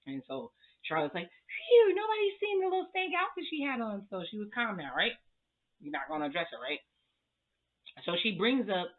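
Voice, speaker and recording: A middle-aged woman recapping a TV episode in a sassy, animated way, swearing freely and. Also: sits low. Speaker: show recap vlogger. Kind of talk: casual chatty recap. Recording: tinny phone-like audio.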